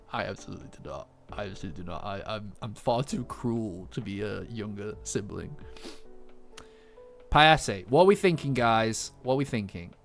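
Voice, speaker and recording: A man's voice: fairly low pitch, expressive, normal speed, vocal fry, faint music behind. A man hosting a live stream, chatting casually and teasing his viewers. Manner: playful, bantering with chat.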